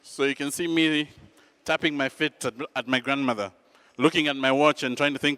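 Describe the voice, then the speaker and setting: Animated male storyteller. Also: medium pitch, normal speed, clear, resonant tone, no room sound. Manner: animated, dramatic, self-mocking. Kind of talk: personal storytelling.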